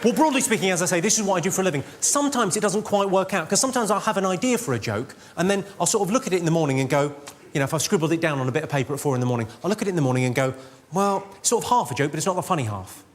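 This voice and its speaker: A man doing live stand-up comedy on a theatre stage, delivering crude deadpan one-liners and chatting with the crowd. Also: sits high, rapid-fire, hardly any pauses. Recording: loud audience noise at a live show. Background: audience laughter.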